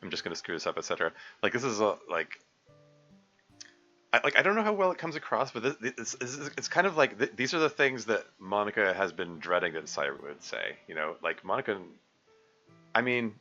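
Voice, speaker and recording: A man's voice: fairly low pitch, sing-song, fairly quick, pushed and bright. A man giving casual live commentary as a game developer, rambling and hesitant. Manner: rambling, hesitant, many fillers. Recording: dull lo-fi recording with faint music.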